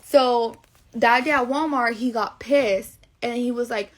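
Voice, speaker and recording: A woman's voice: a little high, fairly even intonation, unhurried. A young woman telling her viewers a long personal story, blunt, rambling and swearing a lot. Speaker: livestreamer.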